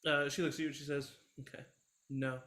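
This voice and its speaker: A man narrating as game master of a tabletop game, relaxed and laughing easily, with frequent fillers. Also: a little high, racing.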